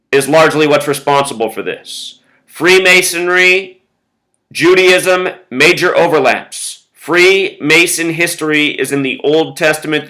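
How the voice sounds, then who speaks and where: A man's voice: fairly high pitch, sharp tone, low-quality recording. A man talking straight to his viewers in a casual monologue, emphatic, with lists of repeated words and frequent "you know". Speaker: video blogger.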